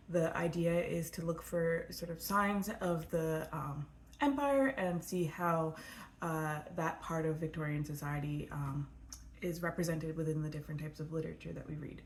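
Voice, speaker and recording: Recorded in an echoey room with a faint hiss or hum, a low-voiced woman from the United States co-hosts a laid-back book chat. As one of the book channel's hosts, she stays cheerful and scatters fillers throughout.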